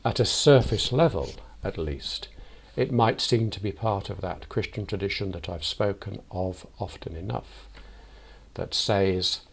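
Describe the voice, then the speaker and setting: A parish priest giving a measured, thoughtful reflection as a sermon. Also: male voice, low-pitched, slightly rough. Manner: measured, thoughtful, deliberate delivery.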